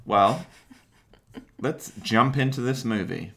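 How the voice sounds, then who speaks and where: A man's voice: medium pitch, expressive, takes it slowly, creaky, pushed and bright. A man co-hosting a casual movie review podcast, teasing his co-host and keeping time.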